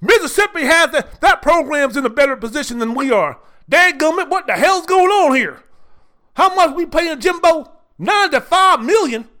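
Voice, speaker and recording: A man putting on a voice as a ranting Southern male college football fan, hollering with folksy outrage and drawn-out words. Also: very high voice, sing-song, bright, forceful tone, pitched above the performer's own voice, exaggerated voice. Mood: outraged rant.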